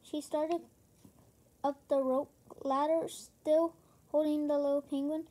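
A woman reading a children's chapter book aloud, halting, with frequent slips and restarts. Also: high-pitched, flat delivery, dark tone. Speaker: reader.

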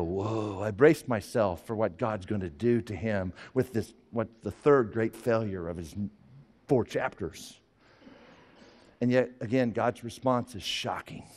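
A male pastor preaching a sermon, moving between chatty asides and forceful, rising emphasis. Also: on the low side, long reverb tail.

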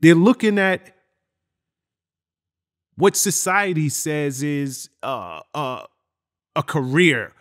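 A man's voice: a little high, slow pace, pauses often, fairly bright tone. A man hosting an interview, reflecting earnestly and speaking straight to the listeners. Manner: earnest, emphatic, addresses listeners directly. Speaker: interview host.

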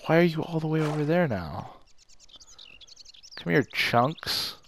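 A man's voice: fairly high pitch, expressive, slow pace, fairly bright tone, slight background noise. A young man doing casual gameplay commentary, playful and goofy, talking to the fish on screen. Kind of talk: casual let's play commentary.

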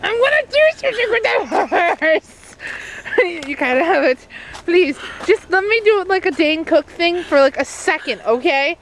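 With an extremely high, very animated voice at normal speed, a vlogger fools around at an outdoor bus stop. Her friend films on a handheld camcorder as she giggles, bosses them around and swears heavily, cars passing on the noisy street.

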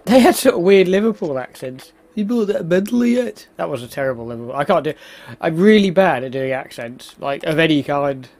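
A man's voice: a little high, lively intonation, a little fast, darkish tone. A man giving casual, self-mocking commentary while playing a video game. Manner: chatty, exclaims at the game, laughs at himself. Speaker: let's play host.

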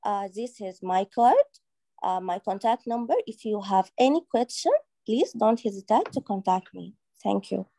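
A woman candidate role-playing a doctor advising a patient in a medical English exam practice, speaking in a hurried way with many fillers. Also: medium pitch, vocal fry, dark tone, dry recording. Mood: professional.

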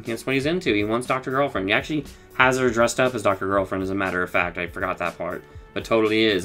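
A man's voice: on the low side, fairly bright tone. A young man recapping a cartoon episode in casual chat. He rambles, swears, laughs a lot and acts out the lines as he retells them. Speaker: show reviewer.

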